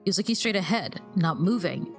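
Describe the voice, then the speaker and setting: A woman reading game dialogue aloud as an earnest young man, with a hesitant, halting delivery and lively pitch. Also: faint music behind. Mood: uneasy.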